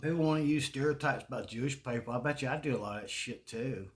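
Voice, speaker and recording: A man's voice: mid-range voice, fast. A man with a Southern US accent, talking in a rambling, profane casual monologue and laughing often. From American South. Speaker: video creator.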